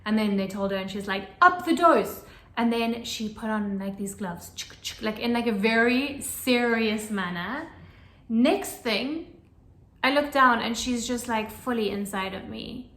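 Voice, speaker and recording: A woman telling the story of her child's birth in casual chat, animated and acting out the voices of the hospital staff. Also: a little high, measured pace, roomy sound.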